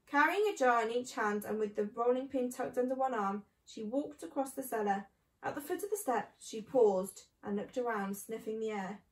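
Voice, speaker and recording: A woman reading a children's book aloud, clear and measured. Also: a little high. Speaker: storyteller. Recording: echoey room.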